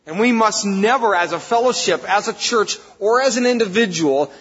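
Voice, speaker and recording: A man's voice: high voice, animated, moderate pace, fairly bright tone, slightly rough. A man preaching a sermon as pastor, speaking emphatically and conversationally, with sudden bursts of force. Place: church sanctuary. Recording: dull lo-fi church recording with long reverb.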